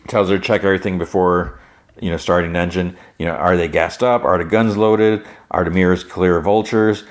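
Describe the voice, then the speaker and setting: A man with a deep, low voice talks through a show's plot in a loose, casual podcast style. He rambles, leans on filler words and often restarts his sentences. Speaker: podcast host.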